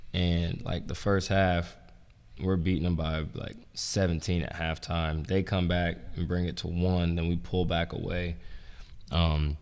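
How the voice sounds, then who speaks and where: A young man, a former college basketball player and coach, telling stories in a relaxed, rambling way, full of "like" and "um". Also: low-pitched, smooth. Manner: relaxed, rambling, heavy use of "like" and "um". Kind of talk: casual storytelling interview. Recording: roomy with long reverb.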